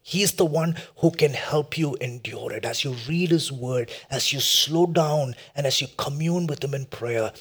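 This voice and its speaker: A man preaching a sermon as pastor, impassioned, repeating his phrases and dropping to a hushed tone for prayer. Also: fairly high pitch, normal speed, few pauses, breathy edge.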